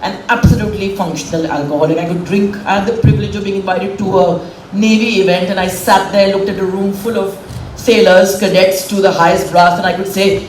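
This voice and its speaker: A middle-aged woman from India speaks candidly and emotionally at a public event, her mid-range voice steady, brisk, and darkish in tone. The recording picks her up from a distance in a roomy hall, with reverb and faint room noise behind her.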